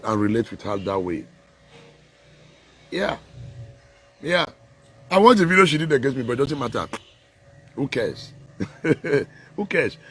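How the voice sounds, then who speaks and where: A man speaking Nigerian Pidgin mixed with English in a loose, animated live chat about politics, laughing often and preaching a little. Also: mid-range voice, husky. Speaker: political commentator.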